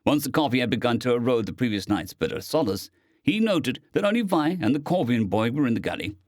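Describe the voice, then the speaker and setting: Guy reading a story aloud, really lively melody, dry close sound. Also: mid-range voice, brisk, no room sound. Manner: expressive, with lively intonation. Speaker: audiobook narrator. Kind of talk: scripted story narration.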